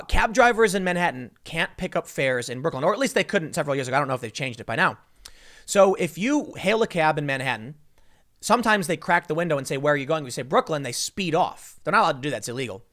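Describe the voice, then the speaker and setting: A man delivers a casual commentary monologue in a slightly high voice. He talks emphatically, often restarting his sentences as he tells a story to the listener. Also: a bit bright. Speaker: political commentary host.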